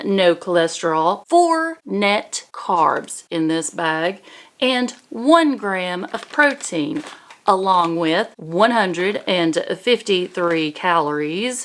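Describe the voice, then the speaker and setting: A woman with a Southern US accent in a casual unboxing vlog, chatting and reading product labels aloud. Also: lowish voice. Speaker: unboxing vlogger.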